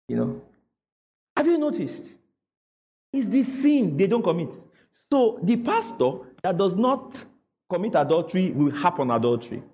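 A man's voice: high voice, sing-song, moderate pace, long pauses, darkish tone, long reverb tail. A man preaching a sermon in church, calling on the congregation to repeat after him and read aloud. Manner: call-and-response preaching, asks the congregation to repeat. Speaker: pastor.

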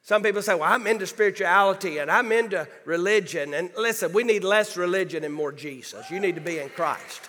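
A man preaches to his congregation in a high, ringing voice, pressing each point home and calling for responses. His voice carries a long reverb from a church sanctuary. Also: brisk, hardly any pauses, bright, forceful tone, some chatter behind. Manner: emphatic, calls for congregation responses. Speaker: pastor. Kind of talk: sermon.

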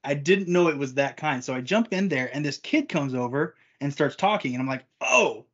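A man's voice: a little high, lively intonation, moderate pace, fairly bright tone. A man casually telling a story on a podcast, laughing often as he talks. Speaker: podcast co-host. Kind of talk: casual chat. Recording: dull lo-fi audio.

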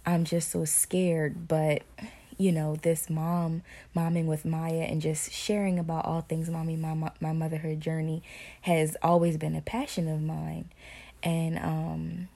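A woman hosting a podcast, telling a personal faith story to her listeners in an animated way with hushed asides. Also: sits low, unhurried, creaky. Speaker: podcast host sharing motherhood stories.

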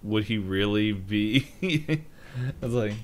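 A man with a very deep voice co-hosting a casual podcast. He tells stories haltingly, pausing and restarting his sentences often. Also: expressive. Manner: hesitant, halting storytelling with restarts. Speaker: podcast co-host. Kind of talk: casual chat.

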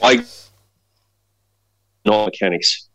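A man's voice: lowish voice, drawn-out words, creaky, rough recording. An Australian man co-hosting a podcast, telling a funny anecdote in casual chat over a remote call. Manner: animated anecdotal storyteller. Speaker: podcast co-host. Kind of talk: casual storytelling.

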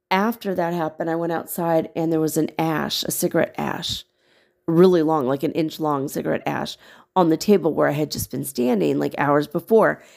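A woman with a low, gravelly voice spins a loose, rambling story in a casual podcast monologue. She laughs often and swears offhandedly as she talks. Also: a little mellow. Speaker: spiritual podcast host. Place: small studio apartment.

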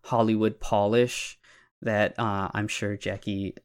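A man's voice: on the low side, flat delivery, takes it slowly, clear, resonant tone. A man co-hosting a podcast, musing about a film in long, winding sentences full of "kind of" and "like". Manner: rambling, lots of "kind of" and "like". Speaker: podcast co-host. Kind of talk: casual film discussion.

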